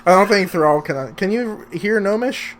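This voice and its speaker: Easygoing guy player, higher voice, bit of background hiss and clicks. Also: lively intonation, normal speed. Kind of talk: tabletop game play.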